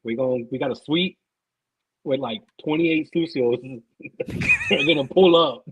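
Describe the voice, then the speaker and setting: A man's voice: a little high, wildly swooping pitch, unhurried, background noise. A man guesting on a casual podcast, rambling, swearing and repeating himself as he talks.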